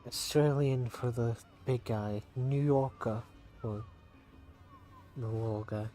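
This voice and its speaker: A man's voice: mid-range voice, steady tone, slow, warm tone, faint music behind. A man hosting a casual game playthrough, musing and hesitant with a self-deprecating manner. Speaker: let's play host.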